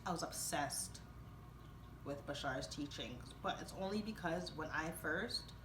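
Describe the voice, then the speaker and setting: A woman's voice: sits low, a little slow, roomy sound, noisy background. A young woman telling a rambling personal story to her viewers, with many fillers and bursts of laughter. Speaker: vlogger. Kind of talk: casual storytelling to camera.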